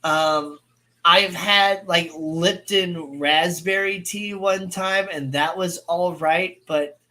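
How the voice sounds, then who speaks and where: A man's voice: sits high, steady tone, slow pace, sharp tone. A man in his thirties from St. Louis, Missouri, co-hosting a casual livestream, rambling with many fillers and laughing often. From United States. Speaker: co-host.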